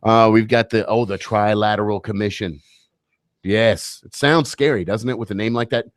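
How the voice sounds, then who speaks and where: A man's voice: on the low side, steady tone, normal speed, no room sound. A man hosting a radio talk show, bantering casually with wry, joking asides.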